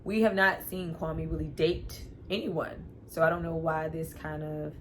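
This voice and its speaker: A woman's voice: sits low, steady tone, a little slow, background noise. A woman casually recapping and reviewing a TV episode, animatedly acting out the characters' lines with sighs and laughs. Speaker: TV review vlogger.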